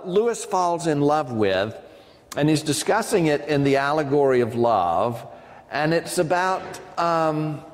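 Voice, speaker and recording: Slow-paced male lecturer in a reverberant hall. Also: fairly high pitch. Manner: discursive, with frequent ums and asides to the audience. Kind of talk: academic lecture to a live audience.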